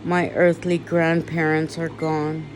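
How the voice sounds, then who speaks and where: Woman, confessional vlog, slow weary delivery, faint air-conditioner hum behind. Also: low-pitched, flat delivery. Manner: slow, weary and emotional, turning bitter with swearing. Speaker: vlogger. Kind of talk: personal confessional monologue.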